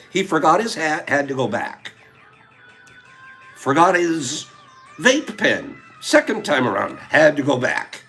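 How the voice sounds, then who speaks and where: An older man hosting a casual talk, telling a fishing story in an animated way, acting out his friends' lines and chuckling as he goes. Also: on the high side, creaky. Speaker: host.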